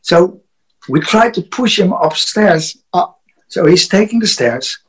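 A man's voice: sits high, lively intonation, slow, fairly bright tone, poor audio. A man, a wrestler, telling a casual story with frequent chuckles, profanity and restarted words. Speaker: wrestler guest.

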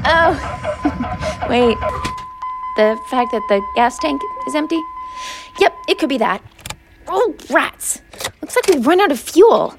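A woman's voice: sits high, sing-song, a little slow, long pauses, over loud music. A woman hosting a children's wildlife show, presenting in a bubbly, playful way with comic asides. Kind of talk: playful scripted presenting for kids.

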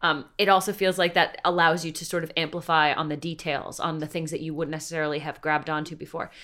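A woman's voice: low voice, level tone, quick pace, sharp tone. A woman interviewing a guest, thoughtful, rephrasing her questions as she goes. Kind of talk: casual interview.

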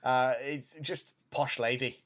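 A man's voice: medium pitch, level tone, slow, fairly bright tone. A man co-hosting a podcast in casual chat, hesitant, often stumbling over and repeating his words. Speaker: podcast co-host.

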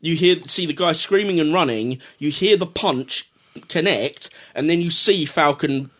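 A man's voice: fairly high pitch, a little slow. Opinionated man reviewing anime. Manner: explanatory, opinionated, animated. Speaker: podcast co-host. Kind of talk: casual review chat.

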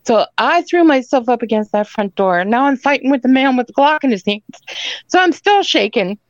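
A fairly high-voiced woman recounts her story in a rambling, emphatic way, pressing her points home as she goes. The sound is dull and lo-fi, and completely dry with no room around it. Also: animated, moderate pace, dry recording. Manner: rambling and emphatic, tags lines with "okay?". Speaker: caller telling an encounter story. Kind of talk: emotional first-person storytelling.

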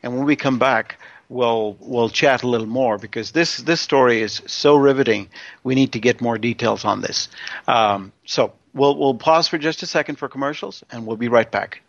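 A man's voice: medium pitch, normal speed, gravelly, no room sound. A man hosting a talk show, plainly announcing a commercial break after short affirming responses. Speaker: host. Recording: dry, dull lo-fi sound.

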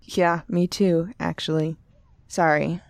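A woman's voice: on the low side, steady tone, slow, gravelly, darkish tone, no echo. A woman playing a guarded, wry young woman.

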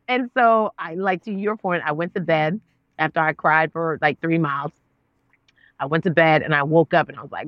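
A woman in her thirties, a guest on an interview show, telling her story with lively voices for her own past words. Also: a little fast, no echo, highs cut off. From Nigerian family. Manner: expressive, acts out her own past words with big pitch jumps. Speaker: guest, actress and author.

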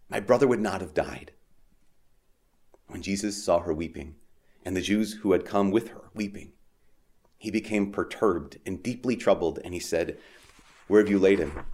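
A man with a fairly low voice reads scripture steadily and solemnly as a priest. He then slips into a loose, conversational homily full of fillers and quick asides. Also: a little mellow. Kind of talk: Gospel reading and casual homily.

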